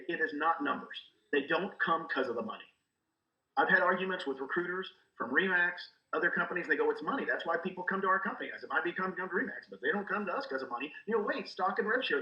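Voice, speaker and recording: A middle-aged man giving energetic coaching talk as a guest, acting out quoted dialogue as he goes. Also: sits high, fast talker, reverberant, highs cut off. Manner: animated, acts out quoted dialogue. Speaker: guest, real estate recruiter.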